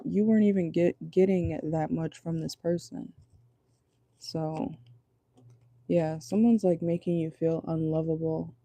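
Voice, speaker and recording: A man's voice: a little high, creaky, dark tone, no echo. A man giving a casual tarot reading from a parked car, chatty and reassuring, tagging lines with "okay?". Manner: loose, chatty, reassuring, many fillers like "okay?". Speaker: tarot reader.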